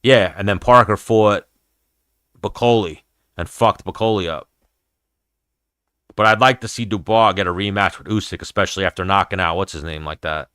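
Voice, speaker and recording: A man's voice: low-pitched, normal speed, pauses often, fairly bright tone, clear, resonant tone, no room sound, studio quality. A man hosting a casual fight-talk livestream, rambling and swearing freely as he chats with viewers. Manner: rambling, profane, chatty. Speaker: host of an MMA livestream.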